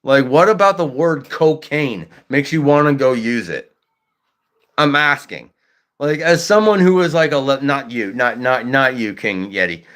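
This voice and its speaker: A man talks straight to his livestream audience in a blunt, profane ranting style. He stutters and repeats words at times, and his voice sits at an ordinary middle pitch for a man. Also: lively intonation, a little slow, fairly bright tone. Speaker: livestream host. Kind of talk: casual livestream chat.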